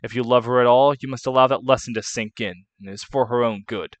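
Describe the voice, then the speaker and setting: Man reads a kindly knight mentor; measured and earnest, dry close mic. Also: mid-range voice, steady tone, no room sound, close to an everyday voice. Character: calm, kindly noble male knight mentor.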